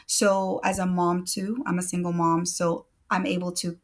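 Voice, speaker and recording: A woman's voice: lowish voice, little pitch movement, normal speed. A woman talking earnestly as a guest in a casual livestream interview over a video call. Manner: earnest, laughs easily.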